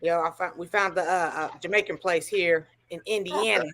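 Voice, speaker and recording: A woman hosting a livestream, chatting in a relaxed way and reading from the chat. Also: lowish voice, normal speed. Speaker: livestream host. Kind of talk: casual chat.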